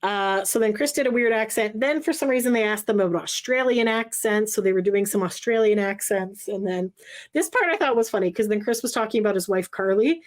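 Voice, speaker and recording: Woman podcast co-host, mid-pitched, casual and rambling, heavy on fillers. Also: brisk. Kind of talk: casual chat.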